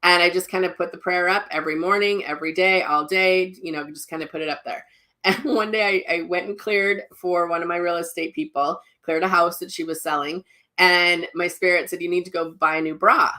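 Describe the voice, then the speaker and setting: A woman's voice: lowish voice, steady tone, fairly quick, sharp tone. A middle-aged woman, a psychic medium telling personal stories in a casual, rambling way, full of restarts and asides. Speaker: psychic medium and spiritual teacher.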